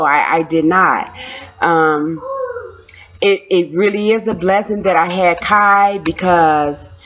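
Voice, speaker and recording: A woman in her thirties telling a personal story in a casual, animated way, repeating phrases for effect and often laughing. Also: fairly low pitch. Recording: dull lo-fi recording.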